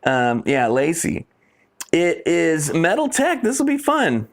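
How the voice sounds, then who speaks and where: A man's voice: fairly high pitch, wildly swooping pitch, slow. A man from the United States co-hosting a casual chat while unboxing fan mail, easygoing and laughing often. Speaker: podcast co-host.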